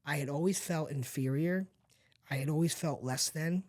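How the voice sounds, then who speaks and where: A middle-aged man appearing as a podcast guest tells a painful personal story, earnest and confiding, talking straight to the listener with frequent asides and often checking they're following. He is emotional at times, and his voice is on the high side and darkish, at a moderate pace.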